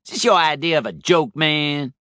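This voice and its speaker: A man voicing an exasperated businessman talking on his cell phone, raised and lively. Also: on the high side, moderate pace, no echo, clean studio sound, voice pushed up. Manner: brash, exasperated.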